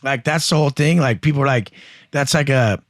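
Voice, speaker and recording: A man's voice: mid-range voice, a little fast, no room sound, studio quality. A man coaching and telling stories on a podcast, blunt and profane, acting out other people's voices as he goes. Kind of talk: casual podcast conversation.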